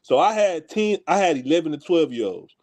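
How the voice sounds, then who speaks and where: Animated Houston storyteller, high voice. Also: male voice, brisk. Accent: Houston, Texas. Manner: animated, laughs while telling stories, slangy. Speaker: podcast co-host. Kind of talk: casual storytelling among friends.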